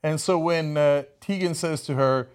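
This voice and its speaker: Male co-host, slightly high voice, animated and mocking, casual political commentary. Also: normal speed, smooth. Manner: animated, mocking, mimics people in sing-song voices.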